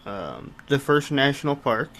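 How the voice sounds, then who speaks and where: A man's voice: mid-range voice, lively intonation, a little slow, a bit bright. A young man from Wyoming in a casual podcast chat, easygoing and sharing trivia.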